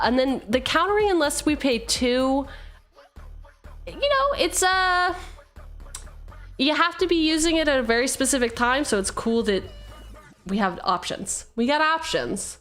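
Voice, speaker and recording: A woman's voice: on the high side, fairly bright tone. A woman streamer chatting casually and swearing freely while opening card packs, laughing often.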